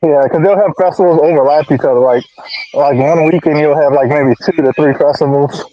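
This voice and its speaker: A man chatting as a guest on a livestream, rambling and halting, with many fillers and repeats. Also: on the high side, muffled recording. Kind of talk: casual chat.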